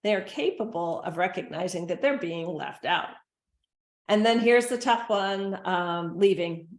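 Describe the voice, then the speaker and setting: A woman's voice: fairly low pitch, animated, a little slow. Earnest woman presenter in an echoey room. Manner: conversational, earnest, acts out gentle quoted lines. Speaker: dementia care consultant and presenter. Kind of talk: recorded presentation to caregivers.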